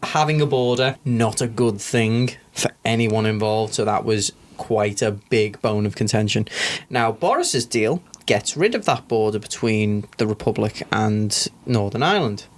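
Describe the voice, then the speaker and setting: A man's voice: lowish voice, a little slow. A young man co-hosting a podcast, teasing his friend and then explaining politics in plain casual talk. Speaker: podcast co-host.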